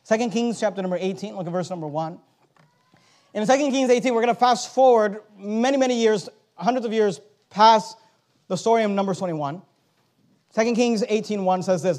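A man preaching a sermon, reading scripture aloud and swinging between loud, emphatic exhortation and low, urgent asides. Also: a little fast.

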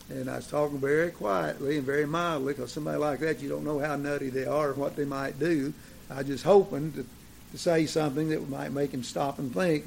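A gravelly, fairly high-voiced man preaching. He climbs into loud, emphatic declarations and then settles back into homespun anecdotes. Faint noise hums behind him. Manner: rises to emphatic declarations, then drops to folksy storytelling. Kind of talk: sermon.

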